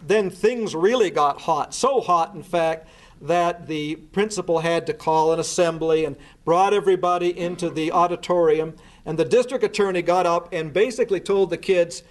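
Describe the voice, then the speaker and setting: A man speaks in a noticeably high voice for his sex. He tells a story earnestly in a spoken talk. He lays out events in order and often restarts his words mid-phrase. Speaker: speaker recounting a case.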